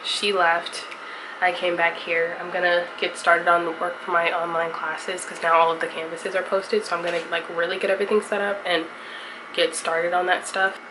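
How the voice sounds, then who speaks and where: Young woman, casual vlogger, low-set voice, recorded with noticeable ambient noise. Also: little pitch movement, moderate pace. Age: young adult. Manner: chatty, swears casually, storytelling recap. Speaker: college student vlogger. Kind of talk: casual vlog. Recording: vlog with clear ambient noise.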